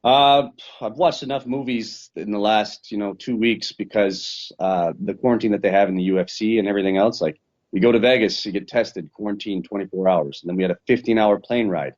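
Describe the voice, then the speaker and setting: Low-voiced fighter on a dull line. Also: male voice, brisk, a little mellow. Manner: swearing, rambling storyteller. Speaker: professional fighter. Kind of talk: casual interview recap. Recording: dull lo-fi sound.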